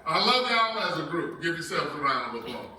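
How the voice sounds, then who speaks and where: A man's voice: fairly high pitch, very animated, brisk. A man doing a profane stand-up storytelling set on a cruise ship, acting out the people in his stories. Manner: profane, storytelling, acts out quotes. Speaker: stand-up comedian. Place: cruise ship show room. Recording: roomy echo, distant mic, loud room noise. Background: audience laughter.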